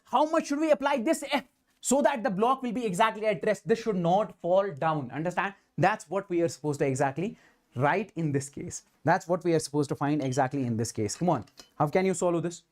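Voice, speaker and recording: A man teaching physics in a live online exam-prep class. He asks rhetorical questions, voices the students' answers back to himself and keeps repeating emphatic affirmations. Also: high voice.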